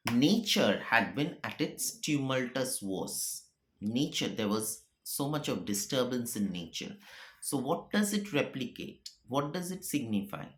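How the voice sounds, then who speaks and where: Woman literature teacher, low voice with lively pitch, explains and repeats, echoey room. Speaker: English teacher. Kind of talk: literature lesson.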